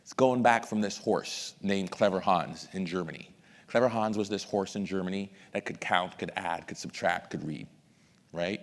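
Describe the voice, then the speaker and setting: A middle-aged man presenting at an education masterclass, who addresses the audience directly and acts out examples in a lively lecture. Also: deep voice, normal speed. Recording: long hall reverb.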